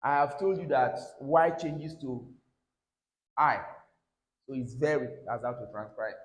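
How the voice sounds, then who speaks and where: A man's voice: medium pitch, a little slow. A man teaching a pronunciation lesson, repeating words and checking in with "all right?". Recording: echoey room.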